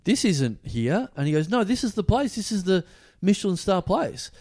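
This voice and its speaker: A man's voice: high voice, moderate pace. A man telling a story in casual podcast chat, swearing and acting out the people in it. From Australia. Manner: swearing, animated impressions of people in his story. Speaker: podcast host.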